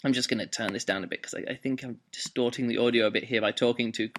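Bright-voiced man hosting a rambling book podcast. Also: medium pitch, fast talker, a little hiss or hum. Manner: rambling, animated, lots of fillers and restarts. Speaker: podcast host. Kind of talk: casual book podcast chat. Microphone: laptop microphone.

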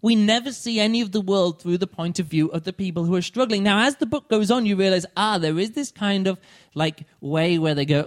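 A man with a notably high voice chats casually as a podcast co-host. His talk rambles, full of fillers, restarts and sudden mocking impressions of other people. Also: fairly quick. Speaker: podcast co-host reviewing a book. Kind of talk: casual chat.

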